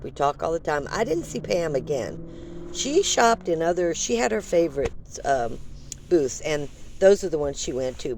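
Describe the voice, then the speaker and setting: A woman's voice: sits low, darkish tone, a little hiss or hum. An older woman vlogger telling a rambling, chatty story full of fillers. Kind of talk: casual storytelling.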